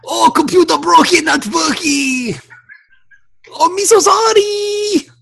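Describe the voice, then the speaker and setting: A man voicing a flustered man who shouts in broken English about a broken computer, high and whiny. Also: takes it slowly, creaky, soft background music, heavily acted. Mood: panicked.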